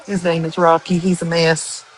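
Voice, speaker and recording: A woman's voice: lowish voice, level tone, low-quality recording. A woman chatting casually and rambling to viewers on a live stream. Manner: slow, rambling, with many ums and likes.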